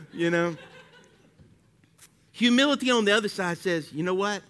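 A male pastor with a Southern US accent preaching a sermon, swinging from loud, animated preaching to hushed prayer. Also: high voice, fairly quick.

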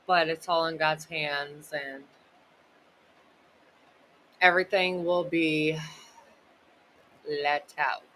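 A man's voice: a little high, fairly even intonation, very slow, pauses often, sharp tone, slight background noise, low-quality recording. A man hosting a podcast, talking casually about faith in a loose, rambling way full of "like" and "you know". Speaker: podcast host.

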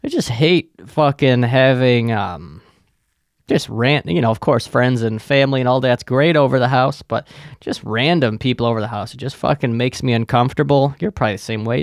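A man's voice: medium pitch, normal speed, no room sound, clean studio sound. A man with a profane, sarcastic manner, rambling through a casual solo rant as a podcast host.

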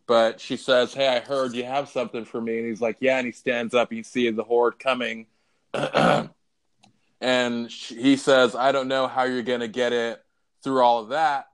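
A man's voice: medium pitch, little pitch movement, moderate pace, clean tone. A man co-hosting a casual movie podcast, telling scenes with strong emotion and frequent swearing. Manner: emotional, swears freely, retells scenes with quoted lines. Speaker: podcast co-host. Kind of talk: casual chat.

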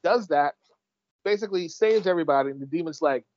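Animated man retelling a story. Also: fairly high pitch, fast talker. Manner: energetic storyteller, acts out quoted lines, swears freely. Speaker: podcast co-host recapping an episode. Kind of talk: casual chat, animated story recap. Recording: dull lo-fi dry sound.

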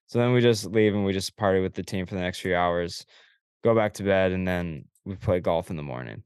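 Young dude on a podcast, lowish smooth voice, acts out every line of the story, swears a lot, dry close sound. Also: male voice, fairly quick, no echo. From Canada. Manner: animated storytelling, acting out quoted dialogue, frequent swearing. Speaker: podcast co-host. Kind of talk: casual chat.

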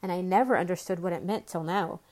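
A woman's voice: on the low side, fast talker, a little mellow, natural voice. A woman reading the part of a young girl who speaks meekly. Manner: meek. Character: meek young girl growing bolder.

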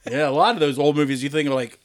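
A man on a podcast with friends, joking crudely, rambling and laughing often. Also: fairly high pitch. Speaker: podcast co-host. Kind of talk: crude casual banter.

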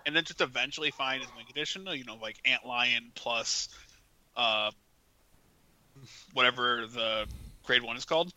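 A man's voice: medium pitch, steady tone, moderate pace, long pauses, bright, forceful tone, rough recording. A man co-hosting a casual podcast, talking in a rambling way full of filler words. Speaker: podcast co-host.

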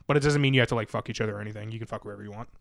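A man's voice: lowish voice, very fast, vocal fry, dry recording, studio quality. A young man hosting a casual chat, telling crude stories with lots of fillers and mocking voices. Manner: crude, animated storytelling with mocking put-on voices. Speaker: podcast host.

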